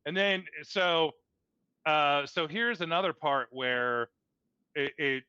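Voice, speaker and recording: A man chats through a movie's plot on a podcast, stopping and restarting his sentences as he goes. His voice is bright and smooth. The recording is dry and slightly muffled. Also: fairly high pitch, slow pace, no echo. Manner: recaps plot with many fillers and restarts. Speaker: podcast co-host. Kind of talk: casual movie discussion.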